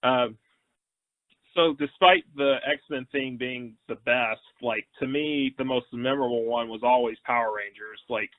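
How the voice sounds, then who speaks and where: A man's voice: mid-range voice, measured pace. A man hosting an interview, asking long, rambling questions like an eager fan. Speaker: host. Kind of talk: casual interview. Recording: tinny dry phone-like line.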